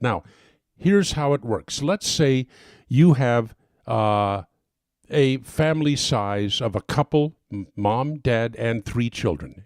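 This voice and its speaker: Male advocate, emphatic and fired up, mid pitch, dry close sound. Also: a little mellow, dry recording. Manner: emphatic, gets worked up. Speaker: fair tax advocate giving a talk. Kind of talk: persuasive talk.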